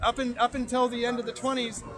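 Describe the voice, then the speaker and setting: A man giving a loud, emphatic political speech outdoors on a street, his voice strained. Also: extremely high pitch, level tone, fast talker, over music. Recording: crowd noise behind an outdoor stream.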